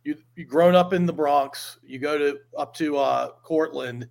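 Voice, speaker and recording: A man hosting a podcast interview, asking casual, halting questions. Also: a little high, vocal fry, a little mellow. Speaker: podcast host.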